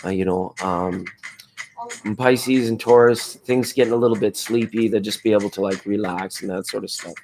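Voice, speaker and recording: A man with a hoarse voice hosting a laid-back late-night tarot livestream, chatting with viewers in a rambling, spiritual way. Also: lowish voice, fairly even intonation, moderate pace, a little mellow, slight background noise. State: hoarse from screaming at a football game. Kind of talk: casual late-night chat reading viewer comments.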